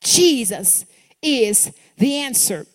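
A woman preaching a sermon, building rhythmic repeated phrases that rise and then drop low for emphasis. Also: lively intonation, extremely slow. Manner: rhythmic repetition, rising and dropping emphasis. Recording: long hall reverb.

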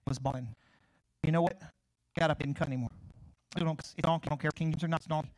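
Fast-talking, high-voiced pastor preaching. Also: male voice, no room sound, low-quality recording. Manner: animated preaching, swings from loud scripture reading to quiet asides; tells his testimony conversationally, acting out both sides of conversations. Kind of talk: sermon.

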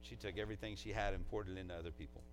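Heartfelt pastor giving a eulogy. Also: male voice, low voice, steady tone, racing, a little hiss or hum, rough recording. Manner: conversational and heartfelt, fillers like "man".

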